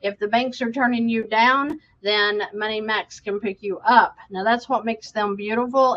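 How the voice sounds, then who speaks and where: A woman's voice: on the high side, fairly bright tone, lo-fi sound. Emphatic woman coaching on money. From United States. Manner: emphatic, checks in with repeated "okay?". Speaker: financial coach. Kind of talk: answering viewer questions.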